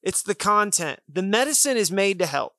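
High-voiced man explaining with examples. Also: very animated, normal speed, sharp tone, dry recording, studio quality. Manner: earnest, explains with everyday examples. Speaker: podcast co-host. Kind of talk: casual faith podcast chat.

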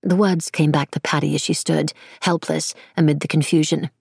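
A woman reading an audiobook in scripted, measured narration. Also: low voice, steady tone, creaky, darkish tone, breathy edge, no echo, clean studio sound.

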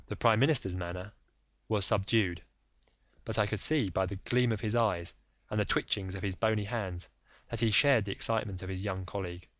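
A man reading scripted narration of a classic story in a measured, steady way. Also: lowish voice, no room sound. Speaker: audiobook narrator. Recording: dull dry recording.

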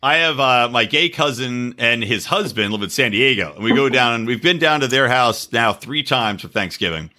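A man hosting a podcast, telling a crude story in an animated way and shouting when he acts out quotes. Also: medium pitch, normal speed, hardly any pauses. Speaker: podcast host.

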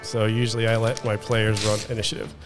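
A man running a live tabletop game as game master, relaxed and matter-of-fact. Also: fairly low pitch, fast, soft background music. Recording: long reverb of a convention hall.

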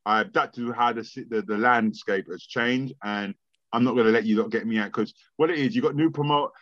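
A man's voice: medium pitch, fairly quick, fairly bright tone, dry recording, highs cut off. A man, a music promoter telling stories in a casual podcast interview, rambling and repeating words, swearing freely.

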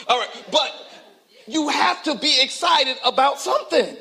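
Brief: high-pitched bright male pastor, lively call-and-response sermon, acts out voices. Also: normal speed. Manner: animated call-and-response preaching, acts out quotes. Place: church sanctuary.

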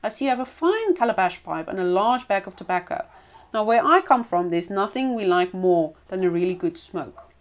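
Storybook stranger, tall dark man, soothing and sly; woman reader doing the voice. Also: medium pitch, lively intonation, moderate pace, lightly acted. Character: tall dark mysterious male stranger, smooth-talking.

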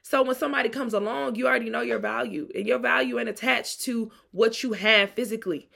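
A woman's voice: fairly high pitch, fairly quick, vocal fry, a bit bright. A woman, hosting a candid solo podcast like a singles coach, preaching and laughing often. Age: 30s. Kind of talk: reflective solo monologue.

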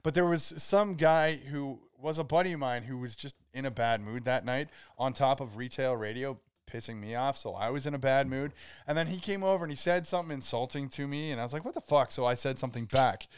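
A man's voice: medium pitch, brisk, smooth, no room sound. A man co-hosting a podcast, telling casual anecdotes full of swearing and acted-out quotes. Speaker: podcast co-host. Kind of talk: casual storytelling chat.

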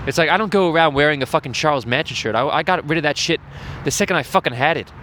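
Man, bright voice, profane rant, crude running commentary, outdoors, faint background noise. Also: on the high side, animated, quick pace. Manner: profane ranting, frequent swearing. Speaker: host. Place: outdoors at a lacrosse game.

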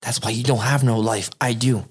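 A man's voice: mid-range voice, fairly even intonation, moderate pace, husky. A man ranting on a casual podcast, boastful and heavy on the swearing. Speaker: podcast co-host. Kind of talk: casual profane podcast chat.

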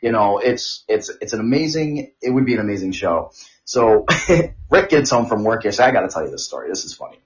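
A man co-hosting a crude casual chat podcast, rambling through stories with repeated words and loud laughs. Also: on the low side, lively intonation, a little fast. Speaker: podcast co-host. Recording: dull lo-fi audio.

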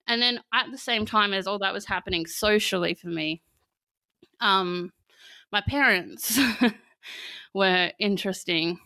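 A young Australian woman chatting candidly as a podcast guest, her voice smooth and clean. She laughs often and fills her sentences with "like". The close mic sounds dry, with no room around it. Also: mid-range voice, steady tone, moderate pace, bright, forceful tone, no room sound. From country Victoria, Australia. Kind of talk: candid casual conversation.

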